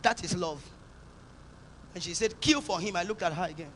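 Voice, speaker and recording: A man from Nigeria, a pastor preaching a sermon at a church service, swinging between loud exhortations and soft urgent passages, with faint music behind. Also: sits high, normal speed, pauses often, a little hiss or hum.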